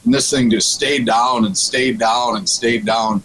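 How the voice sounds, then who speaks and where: Man, middle-pitched, casual radio guest, rambling, restarts often, chuckles. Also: fairly even intonation, a little slow, a bit bright, a little hiss or hum, rough recording. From Minnesota. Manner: rambling with frequent restarts and laughs.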